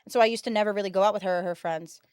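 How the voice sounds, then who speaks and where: In a clean-toned, mid-range voice, a 22-year-old US livestreamer talks rapid-fire, telling stories to her viewers in an animated, slangy, casual way. The studio sound is clean, with no echo.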